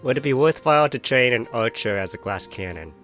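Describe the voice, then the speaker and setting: A man's voice: mid-range voice, animated, brisk, a bit bright, faint music behind. A man chatting during a game stream, laid-back, with short reactions and questions. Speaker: fellow player. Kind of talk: casual chat while gaming.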